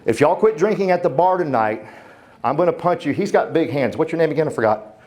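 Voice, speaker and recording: His voice is a little high and darkish, with lively intonation and a slightly fast pace. A keynote speaker in his 50s, he gives a fervent, joking motivational talk to a conference crowd.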